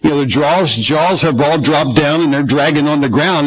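A man's voice: a little high, moderate pace, hardly any pauses, husky, low-quality recording. A pastor preaching a conversational Bible-study sermon in a folksy way, often asking his congregation questions.

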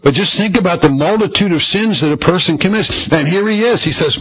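A man's voice: high voice, a little fast, a bit bright, slightly rough, poor audio. A man preaching a sermon from the Bible, conversational, with many fillers and repeated phrases. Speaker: pastor.

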